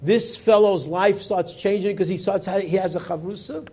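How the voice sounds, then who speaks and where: A man, a rabbi telling a story in a Torah class, his voice climbing for emphasis and dropping low for quoted lines. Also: normal speed, mellow, husky.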